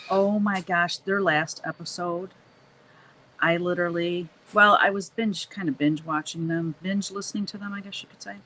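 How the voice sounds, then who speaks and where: A woman's voice: fairly low pitch, fairly bright tone, slight background noise, low-quality recording. A middle-aged woman hosting a live stream, chatting casually and laughing often while she paints and reads the chat.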